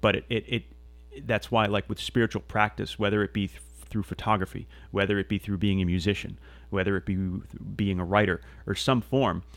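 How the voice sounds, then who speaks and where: Low, earnest rambling man. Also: fairly even intonation, a little fast, a bit bright, no room sound. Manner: rambling, earnest, many restarts and fillers; casual swearing. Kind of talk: casual conversational monologue.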